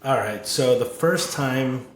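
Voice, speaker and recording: A man's voice: mid-range voice, slow pace. A man in his thirties from California, a road crew guest on a podcast, recalling his first tour in an easygoing, matter-of-fact way. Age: 30s. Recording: roomy with faint ambience.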